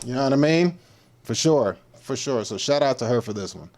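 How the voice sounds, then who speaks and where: A man's voice: mid-range voice, animated, a little fast, a little mellow, soft background music. A man from Texas, hosting a fitness livestream in a playful, joking manner with loose, repetitive slang. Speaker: fitness coach, livestream host.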